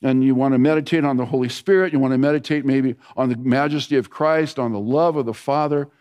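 A man in his sixties preaching a sermon in a conversational storytelling way, dropping to a soft hush when he prays. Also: mid-range voice, steady tone, quick pace, clear, resonant tone, in a large hall. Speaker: pastor.

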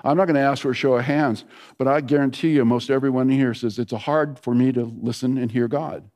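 Man, 60s, pastor, sermon, conversational storytelling, hushed prayers, mid pitch. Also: steady tone, brisk, long reverb tail. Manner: conversational storytelling preacher, drops to a soft hush for prayers.

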